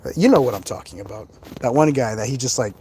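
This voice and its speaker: A man with a warm, medium-pitched voice and lively intonation talks at a quick pace, with a little hiss or hum in the audio. He's hosting a live ghost hunt outdoors in a cemetery, chatting casually as he explores and rambling with laughs and asides.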